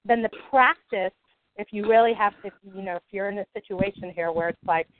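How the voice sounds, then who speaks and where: A woman's voice: mid-range voice, a little fast. A woman leading a spiritual group call, teaching casually and acting out inner thoughts with animation. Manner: animated, acts out inner monologues. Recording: tinny phone-line audio.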